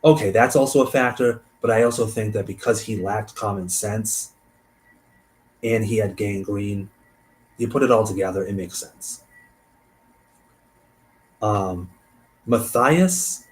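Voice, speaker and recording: A man hosting a stream, reading a case aloud and thinking out loud between passages, trailing off and restarting. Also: on the low side, poor audio. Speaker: host.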